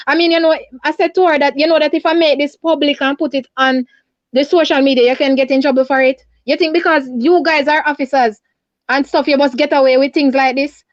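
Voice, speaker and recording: High-voiced Jamaican woman on the phone. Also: steady tone, brisk, no room sound. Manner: urgent, repetitive retelling. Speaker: caller. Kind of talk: distressed phone interview. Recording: dull lo-fi phone line.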